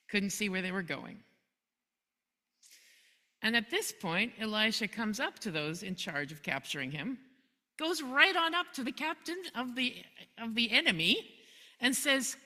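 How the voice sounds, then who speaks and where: Brief: conversational woman preacher, chuckles, bright and animated; reverberant church. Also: a little high. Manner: conversational storytelling, chuckles often. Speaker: pastor. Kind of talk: sermon. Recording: long hall reverb.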